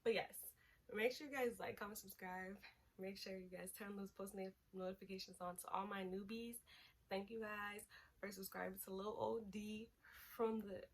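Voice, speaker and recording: A woman's voice: medium pitch, normal speed. A young woman vlogger, telling a dramatic story in a casual way and acting out the people in it. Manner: animated, dramatic retelling with quoted voices.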